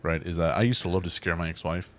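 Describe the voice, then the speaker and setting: A man's voice: low-pitched, fast, a little hiss or hum. A man hosting a casual podcast, telling stories with lots of swearing and acting out what people said. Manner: animated storyteller, swears often, acts out quoted voices. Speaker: podcast host.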